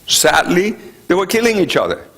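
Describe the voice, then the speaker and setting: A man giving a public lecture to a community group, chatty and animated, often tossing out rhetorical questions. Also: sits high, normal speed, creaky, rough recording. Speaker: guest speaker. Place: community meeting room.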